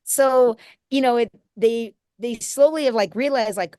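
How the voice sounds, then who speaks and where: A woman's voice: a little high, unhurried, dark tone, no room sound. Woman in her 30s chatting in an interview, heartfelt, rambly, lots of restarts, dead dry sound. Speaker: interview guest, nonprofit founder. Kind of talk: candid conversational interview.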